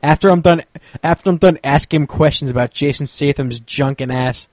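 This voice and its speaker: Man co-host, slightly high voice, dry close sound, rambling jokey banter. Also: brisk, a little mellow, no room sound. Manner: rambling, joking, stammering restarts. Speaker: podcast co-host. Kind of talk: casual banter.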